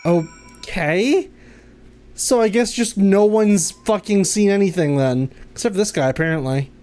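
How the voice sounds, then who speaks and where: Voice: mid-range voice, a little slow, mellow, soft background music. A streamer giving casual, chatty let's-play commentary and laughing often. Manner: chatty, laughs often, reads dialogue aloud.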